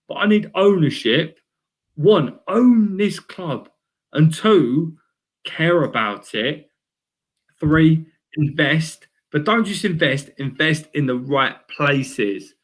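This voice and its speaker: Lively slangy guy. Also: on the high side. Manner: energetic, slangy, keeps saying mate. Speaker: guest fan. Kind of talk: casual fan chat stream.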